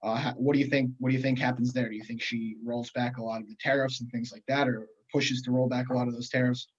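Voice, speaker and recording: A man at an ordinary middle pitch on a somewhat dull, lo-fi recording. He talks through economic questions earnestly as a podcast co-host, often stalling on restarts and fillers. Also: flat delivery, fast. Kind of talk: casual economics chat.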